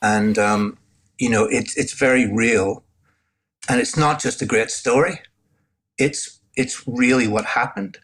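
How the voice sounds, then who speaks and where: A man, a podcast guest candidly telling his personal testimony with halting restarts and self-deprecating asides. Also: medium pitch, fairly bright tone, a little hiss or hum. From Northern Ireland.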